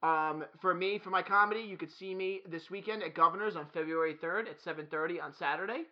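Fast-talking joking man, muffled audio. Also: high-pitched. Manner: fast, joking, crude banter. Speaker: podcast co-host. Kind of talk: casual podcast chat.

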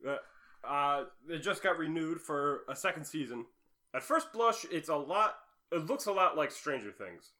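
Male podcast co-host, bright edgy tone, pitch a touch high, easygoing sidekick energy. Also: normal speed. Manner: relaxed, laughs easily, brief replies. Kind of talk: casual chat.

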